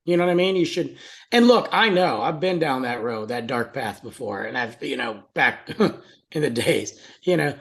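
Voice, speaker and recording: A man's voice: medium pitch, animated, moderate pace, vocal fry, a bit bright. Podcast co-host, young adult man, chatty storyteller who quotes others. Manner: storytelling, acts out quotes, laughs often. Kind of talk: casual podcast chat.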